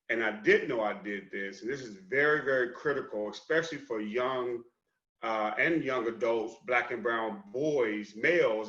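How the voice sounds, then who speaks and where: A man on a discussion panel gives animated, casual talk and keeps tossing in "man". His voice sounds bright and sharp. It echoes around the room, and the sound is a bit dull. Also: mid-range voice. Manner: animated, dropping in "man" often.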